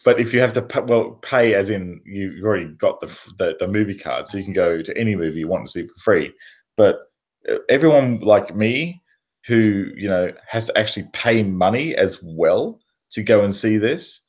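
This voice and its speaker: A man's voice: fairly low pitch, animated, moderate pace. A man co-hosting a podcast in casual chat, teasing his co-host and laughing often.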